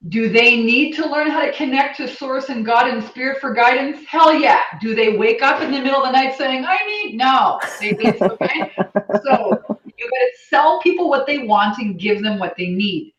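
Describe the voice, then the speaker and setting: A woman hosting a live coaching Q&A, energetic and blunt, swearing casually as she teaches. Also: sits high, normal speed. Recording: roomy, slightly dull sound.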